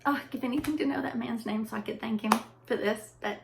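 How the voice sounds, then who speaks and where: A woman's voice: on the high side, quick pace, creaky, very noisy. A woman telling a personal family story to her viewers, heartfelt and emotional, with a loose, rambling delivery full of fillers.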